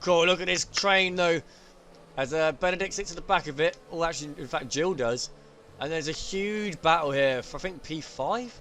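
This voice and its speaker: A man commentating on an online sim race, getting excited at crashes and overtakes. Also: a little high, normal speed, a little hiss or hum. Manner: excitable, rising sharply at incidents.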